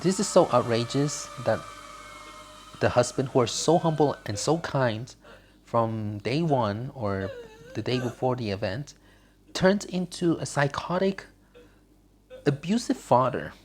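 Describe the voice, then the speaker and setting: A man's voice: medium pitch, lively intonation, measured pace, pauses often. A man casually commenting on a mobile game he is playing, rambling with slips. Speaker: gaming channel host.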